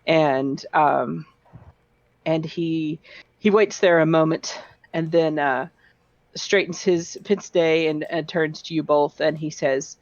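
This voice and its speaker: A woman's voice: deep voice, fairly even intonation, slow pace, darkish tone, dry recording. A woman narrating as game master of a tabletop game, casual and rambling with many fillers. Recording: dull dry lo-fi audio.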